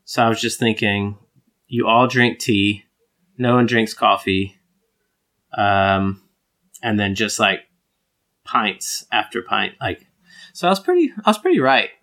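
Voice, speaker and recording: A man's voice: lowish voice, a little slow, long pauses. Laid-back man, filler-heavy chat. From United States. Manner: relaxed, laughs often, lots of "like" fillers. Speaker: podcast co-host. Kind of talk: casual chat.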